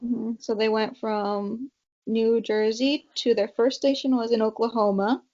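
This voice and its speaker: A young Californian woman with a fairly high, mellow voice chats as a podcast guest, steady in tone and measured in pace. She tells family stories casually, quoting her parents and using lots of fillers. The podcast audio is dull and lo-fi.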